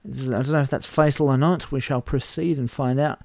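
A man in casual chat, reading out game events with animated play-by-play. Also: mid-range voice, fairly quick, gravelly, no echo, studio quality. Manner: animated play-by-play, chuckling at the results. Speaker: host running a whisky-themed game simulation.

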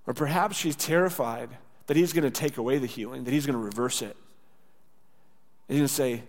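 Conversational pastor in a reverberant church. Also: male voice, medium pitch, a little fast. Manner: conversational, acts out quoted lines, drops soft for tender words. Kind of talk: sermon. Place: church sanctuary. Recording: church hall with long reverb.

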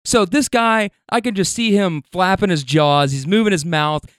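A man's voice: high-pitched, normal speed, a bit bright, clean tone, dry recording, studio quality. A man, a podcast host, telling a long casual anecdote in a rambling way, with restarts and chuckles.

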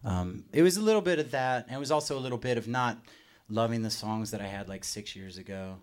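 A man's voice: mid-range voice, expressive, quick pace, smooth. A man in his thirties, a musician guest on a live radio show, telling rambling stories with jokes. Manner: rambling, joking storyteller. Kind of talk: live radio interview, casual chat. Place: radio studio.

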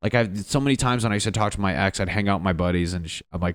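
A man's voice: lowish voice, fairly quick, smooth, no room sound, clean studio sound. A young man doing a stand-up comedy bit, rambling and profane, acting out quotes as he goes.

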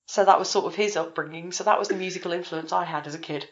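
A woman's voice: fairly low pitch, quick pace, lo-fi sound. A woman guest on a casual podcast, telling rambling family stories with many ums. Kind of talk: casual interview chat.

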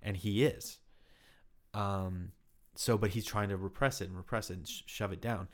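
A man's voice: on the low side, fairly even intonation, normal speed. A man, an actor, telling a personal story in a casual interview, candid and rambling with lots of "like" fillers.

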